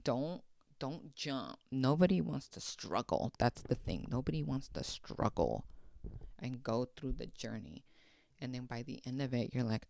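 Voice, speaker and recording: A man's voice: medium pitch, animated, measured pace, gravelly, a little mellow, no room sound, clean studio sound. A man hosting a podcast, giving casual, blunt motivational talk, swearing and repeating himself for emphasis. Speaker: podcast host.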